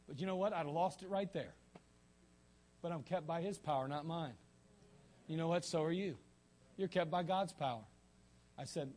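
A man's voice: a little high, animated, a little fast. A man preaching a sermon in a folksy, joking way, often restarting his sentences, with an Ohio accent. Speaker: pastor.

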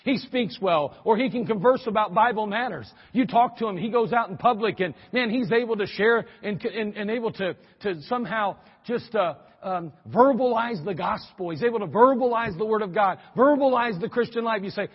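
A male preacher with a high, husky voice delivers an animated sermon, breaking into sudden exclamations as he acts out quoted reactions. His voice rings with long reverb through a church hall, and the recording sounds dull and muffled. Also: moderate pace, few pauses.

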